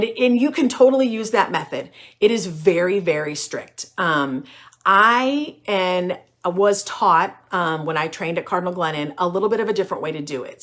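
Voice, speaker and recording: A middle-aged woman speaks as a pediatrician giving friendly parenting advice. Her voice sits on the low side for a woman. She is candid and reassuring, and her talk is loose and chatty, with frequent ums and restarts. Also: a bit bright.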